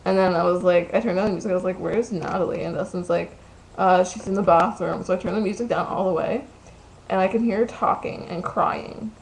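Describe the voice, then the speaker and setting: A woman's voice: fairly low pitch, steady tone, fast, slight background noise, poor audio. A young woman telling a story in a casual vlog, ranting and chatty, full of "like" and "um". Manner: chatty, ranting, many likes and ums.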